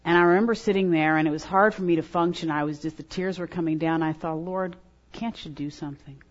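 A middle-aged woman preaching a sermon to women, swinging between loud emphatic lines and hushed, prayerful ones. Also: on the low side, fairly even intonation, fast. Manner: preaching with strong rises and hushed prayerful drops. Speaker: speaker at a women's gathering. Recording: dull lo-fi recording.

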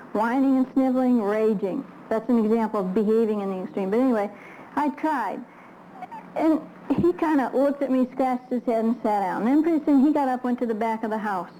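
A woman's voice: a little high, dark tone, slight background noise, poor audio. A middle-aged woman speaking at a recovery workshop, telling self-deprecating stories with humor and laughing at her own anecdotes. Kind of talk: humorous personal storytelling lecture.

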